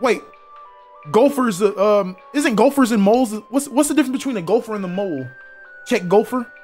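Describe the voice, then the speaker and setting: Young dude streaming a game, jokey and chatty, voice jumps all over, kinda high. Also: male voice, brisk, soft background music. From South Carolina. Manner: animated, joking, talks to chat. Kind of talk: casual gaming commentary.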